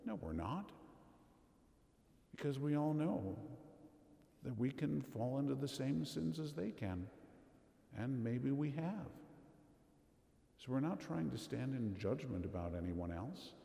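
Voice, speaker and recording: A man giving an earnest, measured homily at Mass as a Catholic priest, asking rhetorical questions. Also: mid-range voice, expressive, creaky, mellow. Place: church. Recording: echoey church with long reverb.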